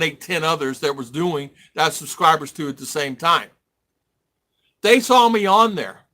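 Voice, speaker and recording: Rambling middle-aged American livestream host. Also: male voice, high-pitched, pushed and bright. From United States. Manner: rambling, reads viewer comments aloud. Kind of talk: casual live-stream chat.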